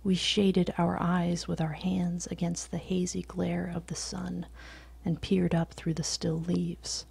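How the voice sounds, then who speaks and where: A woman gives a whispered story reading, soft and steady. Her voice is heavily gravelly and husky. She reads slowly, in a low register, in a dry room. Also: no room sound. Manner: soft, slow, often whispered.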